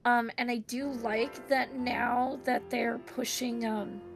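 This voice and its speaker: A woman's voice: a little high, fairly even intonation, takes it slowly, creaky, over music. A woman guest in a casual chat about a video game, giggly and hesitant, with many fillers.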